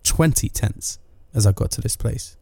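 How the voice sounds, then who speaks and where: A man's voice: lowish voice, lively intonation, moderate pace, gravelly, dark tone, no echo. A man, delivering a sardonic, rambling comic monologue full of asides.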